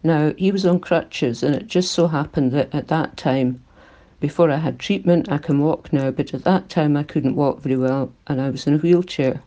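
A woman's voice: low voice, moderate pace, dark tone, dull audio. An older woman with a Glaswegian accent, a climate activist speaking earnestly and with feeling in a recorded interview, her voice shaking at times. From Scotland.

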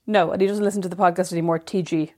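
A woman's voice: on the low side, steady tone, racing, warm tone. A woman co-hosting a podcast, telling stories in casual chat in a self-mocking way. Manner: storytelling, self-mocking, laughing. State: pregnant. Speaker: podcast co-host.

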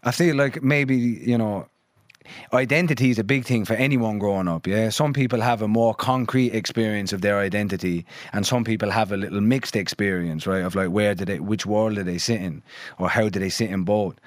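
A young man from London and Ireland talks as a podcast guest in a somewhat low voice. His chat is loose and frank, full of swearing, "like" and "you know". The sound is dry and close, with no room echo. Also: a little fast. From London and New Ross, Ireland. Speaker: musician guest.

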